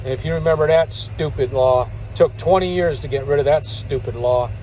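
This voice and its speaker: An older truck driver spins rambling, folksy stories, chuckling between remarks. His voice is fairly high and dark-toned at a normal pace, and the rough recording carries a little hiss or hum.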